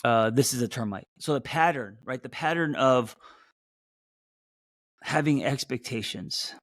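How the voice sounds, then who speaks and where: A man who hosts as a therapist, talking loosely to a live audience, with many fillers and restarts, and a voice that sometimes jumps up high. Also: measured pace, no echo, clean studio sound. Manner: voice jumps up in pitch at times. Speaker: therapist and podcast host. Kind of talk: casual live-stream talk.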